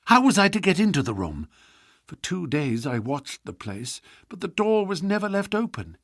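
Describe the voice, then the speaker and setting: A man puts on a frightened young noblewoman pouring out a confession in a storybook reading. Her voice is hushed and urgent, rising and falling a great deal. The sound is close and dry. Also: high voice, no echo, heavily acted. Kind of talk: audiobook character voice.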